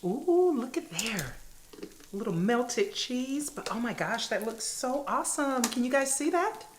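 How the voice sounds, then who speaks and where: A woman's voice: a little high, sing-song, unhurried, echoey room, a little hiss or hum. A woman hosting her own cooking vlog from her kitchen, chatting casually to viewers as she cooks. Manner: chatty, addresses viewers as "you guys". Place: home kitchen.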